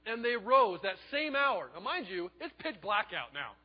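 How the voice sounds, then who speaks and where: A man preaching a sermon, telling the story in a lively way and acting out the quotes. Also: high-pitched, normal speed, big-room sound, highs cut off. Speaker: pastor.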